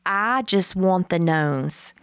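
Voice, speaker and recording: A lively woman podcast co-host with a gravelly, low voice tells a story slowly in casual chat, acting out quotes and laughing often. Her animated storytelling is recorded in clean studio sound without echo.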